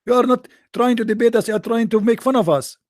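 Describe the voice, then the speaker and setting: A man putting on the voice of an indignant male caller who protests, in a mocking, high-pitched way. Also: fast, no room sound, clean studio sound.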